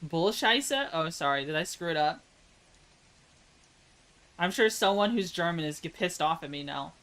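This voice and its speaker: A woman's voice: deep voice, moderate pace, fairly bright tone, poor audio. A woman with an American accent chatting casually on a live stream, reading chat aloud. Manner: chatty, reads chat aloud, laughs at own jokes; tries mock German accent voices.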